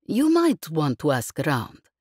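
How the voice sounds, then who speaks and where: A woman narrator voices a cool, dangerous woman in an audiobook, husky and low, with a lively, swooping voice. She talks with measured, mocking calm. The studio sound is close and dry. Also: no room sound, full character voice. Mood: calm menace. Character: cool, dangerous woman captive, calmly menacing. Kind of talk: audiobook character reading.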